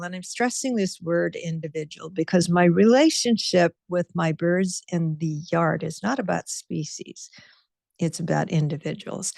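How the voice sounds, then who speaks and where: Woman giving a talk, low voice, lots of fry, chatty storyteller vibe. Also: darkish tone, no room sound, clean studio sound. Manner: conversational storytelling, reflective. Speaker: guest speaker, author. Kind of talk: illustrated talk with slides.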